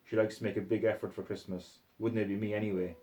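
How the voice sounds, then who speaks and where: A man's voice: on the low side, level tone, fast, warm tone. Man telling a story in a put-on Scottish accent. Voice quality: rough, profane, swaggering narration in character. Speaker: reader of a short story. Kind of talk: first-person story reading.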